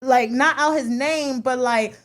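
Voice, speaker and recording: A middle-aged woman co-hosting a talk podcast, telling parenting stories in a frank, animated way with casual swearing. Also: high voice, a little slow. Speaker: podcast co-host. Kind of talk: casual round-table chat.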